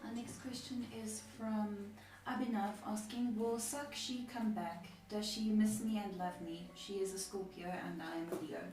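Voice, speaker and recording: A woman's voice: mid-range voice, steady tone, normal speed, hardly any pauses, a little mellow, soft background music. Distant woman reading in a very echoey room. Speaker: co-host reading viewer questions. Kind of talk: reading questions aloud.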